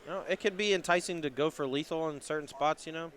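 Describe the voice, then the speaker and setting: A man's voice: fairly high pitch, quick pace, fairly bright tone, slight background noise. A man from the Southern United States giving color commentary on a card game match, laid-back and joking, with plenty of asides.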